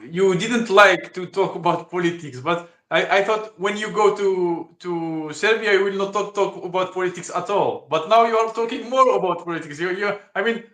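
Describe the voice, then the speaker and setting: A man with an Algerian accent hosting a casual livestream chat, halting and searching for words with many restarts. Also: high-pitched, sharp tone, reverberant. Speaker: livestream host.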